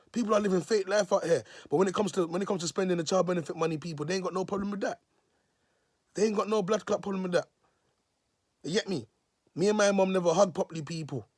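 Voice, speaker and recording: A man's voice: high voice, darkish tone, dry recording, clean studio sound. A man, a self-styled prophet preaching in a vlog, repeating himself and calling his listeners "people". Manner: repetitive, emotional, restarts phrases.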